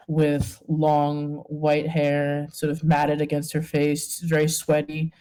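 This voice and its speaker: A woman narrating a tabletop game as game master, hesitant, with many pauses and fillers. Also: low voice, warm tone.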